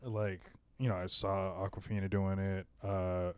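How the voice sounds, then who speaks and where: A man's voice: sits low, flat delivery, unhurried, clean tone, dry recording. A man co-hosting a comedy podcast, talking casually and rambling with fillers and restarts. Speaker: podcast co-host.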